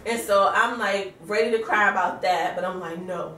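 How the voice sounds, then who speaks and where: A woman's voice: medium pitch, moderate pace, a bit bright, distant mic. A tired, pregnant woman in her thirties tells a home story in casual vlog style, acting out the quotes and breaking into laughs. Her voice comes from a little way off the mic. The room around her is roomy, with a faint hum of ambience underneath. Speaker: vlogger. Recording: roomy sound from away from the mic.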